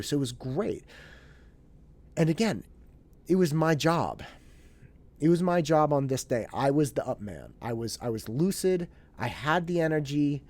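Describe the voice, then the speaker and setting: A man in his thirties telling a story in a casual, animated way, acting out bits of family conversation. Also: medium pitch. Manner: animated, acts out family dialogue, restarts and fillers. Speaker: podcast host.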